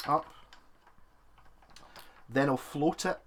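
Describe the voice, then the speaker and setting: As a guitar tinkerer and video maker works on a guitar, he thinks aloud with chatty, self-mocking remarks. His lowish voice is animated and a little fast, he pauses often, and there's a little hiss or hum.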